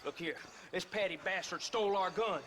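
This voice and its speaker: An actor playing a hot-tempered Welsh outlaw with a sing-song lilt, bullying and sneering in a video game. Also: male voice, high-pitched, normal speed, a little hiss or hum. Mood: belligerent. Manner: bullying, sneering, shouty bursts.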